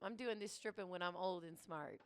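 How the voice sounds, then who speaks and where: A woman's voice: fairly low pitch, brisk, clear, resonant tone. A woman co-hosting a podcast, chatting casually with blunt, joking banter. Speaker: podcast co-host. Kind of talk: casual chat.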